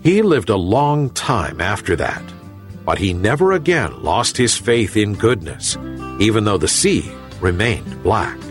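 A man narrating a children's story in an expressive, animated way. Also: lowish voice, a little slow, soft background music.

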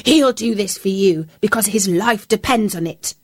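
A woman's voice: medium pitch, moderate pace, slightly rough, natural voice. A woman voicing a scruffy, clever old dog with a hearty, cheerful way of talking. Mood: eager.

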